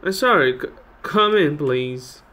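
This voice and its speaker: A man voicing a frail, tearful old woman in debt, in a high, wavering, pleading voice. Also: lively intonation, slow pace, bright, forceful tone, exaggerated voice. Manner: apologetic and pleading.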